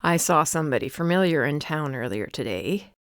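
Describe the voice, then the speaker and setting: A gruff but caring middle-aged father, voiced by a woman reading a storybook. He speaks low and unhurried, in a guarded way. The recording is clear and dry. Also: lively intonation, no room sound.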